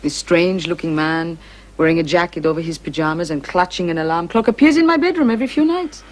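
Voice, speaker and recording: A woman's voice: fairly low pitch, darkish tone, natural voice. An actress playing an earnest artistic woman arguing with the man she is seeing, in a 1980s TV drama. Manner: earnest, pleading, quick-spoken.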